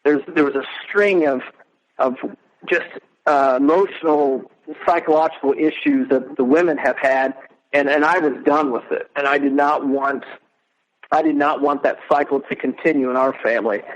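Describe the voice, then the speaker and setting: A middle-aged man talks as a guest in a casual interview. His voice sits somewhat high, and he speaks earnestly and emotionally, with halting starts. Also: fairly even intonation, highs cut off.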